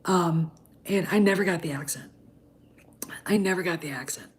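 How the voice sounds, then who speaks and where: A woman's voice: fairly low pitch, normal speed. A woman, chatting casually on a livestream and rambling with many fillers and restarts. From Wisconsin, US. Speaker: livestream host.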